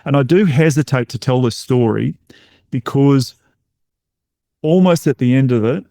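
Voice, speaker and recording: A middle-aged man shares a personal story as a podcast guest. His voice is mellow and relaxed, and he talks in an animated way, acting out the voices of others. The recording is dry and close. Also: medium pitch, measured pace, gravelly, dry recording. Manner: animated storyteller who acts out other people's lines. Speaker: podcast guest, intuition coach.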